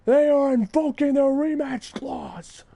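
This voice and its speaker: A man calling a wrestling video game match play-by-play, excitable and often shouting. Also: extremely high pitch, slow pace, creaky, no room sound. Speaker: gaming channel host.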